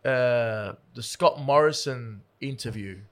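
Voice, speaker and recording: A comedian chatting as a guest, telling stories with hesitant fillers. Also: male voice, medium pitch, takes it slowly, a bit bright. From Australia. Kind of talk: casual chat.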